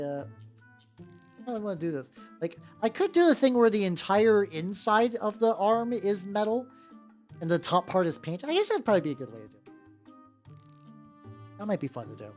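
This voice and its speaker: A woman with a gentle, relaxing voice chats casually at a desk mic while painting miniatures on stream. She rambles, restarts her sentences and swears offhandedly. Her pitch sits low for a woman, and faint background music plays underneath. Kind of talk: casual chat.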